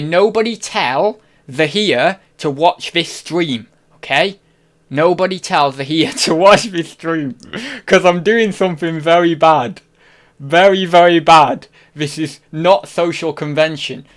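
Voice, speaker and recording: A man's voice: fairly high pitch, a bit bright. A young man chatting casually on a live stream, rambling and cutting himself off mid-sentence as he jokes. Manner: rambling, self-interrupting, jokey. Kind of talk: casual livestream chat. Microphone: desk microphone.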